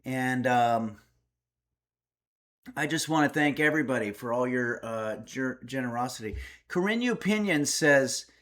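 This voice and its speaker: A man's voice: medium pitch, lively intonation, a little slow, a bit bright. A man hosting a casual home livestream, reading viewer messages aloud and answering with wry, chatty remarks. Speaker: streamer and cooking host.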